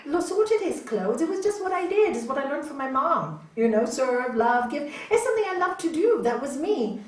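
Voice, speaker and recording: Woman yoga teacher, fairly high and lively voice, gently coaching; picked up from afar in a roomy hall. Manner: animated, gently coaching, often asks "hmm?". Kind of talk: spiritual talk answering audience questions. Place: large hall. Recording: echoey hall from far off, faint noise.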